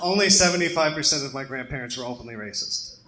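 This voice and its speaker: A man's voice: medium pitch, lively intonation, fast, heavy background noise. A young man from the American South doing a self-deprecating stand-up set on a comedy club stage, with lots of ums. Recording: echoey club room with crowd laughter.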